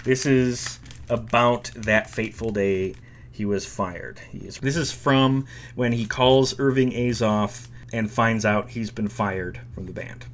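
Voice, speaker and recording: A man's voice: mid-range voice, steady tone, takes it slowly, a little hiss or hum. A man hosting a music history podcast, reading a script in an enthusiastic, opinionated way. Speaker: podcast host.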